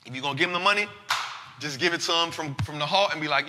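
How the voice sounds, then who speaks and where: A man hosting a live finance talk show, animated and casual, full of slang and repeated phrases. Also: on the high side, fast, in a large hall, a little hiss or hum.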